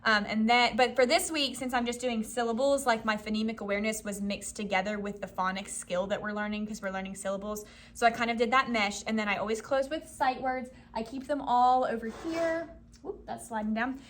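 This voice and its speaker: A young woman who teaches first grade talks through her reading lesson in a loose, chatty way. Her voice sits a little high for a woman. She slips in and out of a bright classroom teacher voice as she acts out what she told her students. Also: fairly even intonation, fairly quick. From Florida. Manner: loose and chatty, with many fillers. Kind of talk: casual teaching vlog walkthrough.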